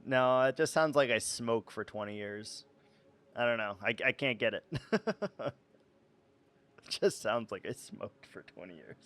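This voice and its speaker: A man's voice: medium pitch, fairly bright tone. A man streaming a game live, chatting casually in a rambling, self-deprecating way.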